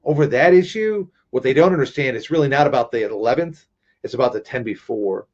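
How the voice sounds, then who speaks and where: A man leads a workplace training webinar in a loose, conversational manner, tossing in sarcastic asides and tag questions. His voice sits at an ordinary middle pitch. The audio is somewhat dull and lo-fi, as on a typical web call. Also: fairly quick. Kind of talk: webinar presentation.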